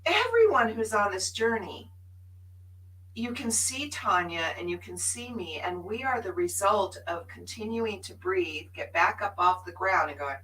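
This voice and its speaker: A woman's voice: mid-range voice, animated, a little slow, fairly bright tone, far from the mic, low-quality recording. A woman co-hosting a spiritual live show, sharing her journey in an earnest, emphatic way. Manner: earnest and emphatic, laughs often.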